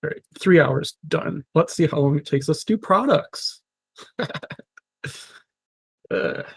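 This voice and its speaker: A man casually commenting on a live stream as he works through software, muttering to himself in a wry, self-mocking way. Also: a little high, slow pace, vocal fry, slightly rough, dry recording.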